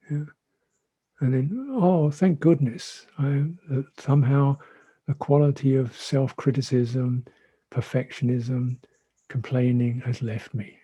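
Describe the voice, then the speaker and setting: A man who is a Buddhist monk teacher giving a dhamma talk in a reflective, gentle way, often repeating his phrases. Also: medium pitch, fairly even intonation, slow pace, slightly rough. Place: monastery meditation hall.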